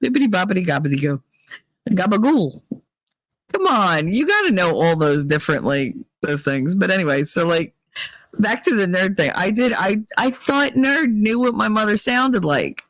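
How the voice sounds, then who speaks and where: A man's voice: high-pitched, big pitch swings, moderate pace, fairly bright tone, no room sound, rough recording. A middle-aged man from New Jersey with a New Jersey accent, hosting a live stream in rambling, profane casual chat, laughing often. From New Jersey, USA.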